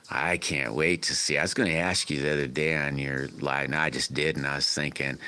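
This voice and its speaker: Gravelly-voiced, very low man rambling. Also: fairly even intonation, fairly quick, hardly any pauses, pushed and bright, slight background noise. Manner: rambling, folksy, chatty with restarts. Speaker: livestream host. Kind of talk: casual live-stream chat, answering comments.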